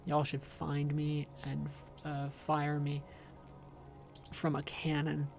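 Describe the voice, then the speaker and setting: Low-pitched and monotone, with vocal fry and a darkish tone, a streamer in her thirties takes it slowly while chatting casually on a gaming livestream, with faint music behind. She rambles through profane, sarcastic rants and restarts frequently.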